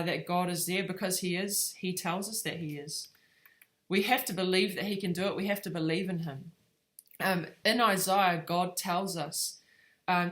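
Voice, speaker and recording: Low-voiced woman telling a devotional story. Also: fairly bright tone. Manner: informal storytelling with frequent um and uh. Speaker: devotion speaker and mother. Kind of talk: conversational devotional talk.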